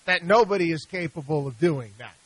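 Middle-aged radio host guy, exasperated and animated, keeps restarting, highish voice, dead dry studio mic. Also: brisk, husky, no echo, poor audio. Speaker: radio show host, investment advisor. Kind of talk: radio talk monologue.

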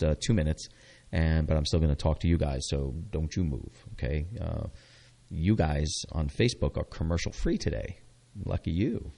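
A man's voice: sits low, a little mellow. A middle-aged man hosting a local radio show, chatting casually and rambling with many fillers. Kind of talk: casual chat.

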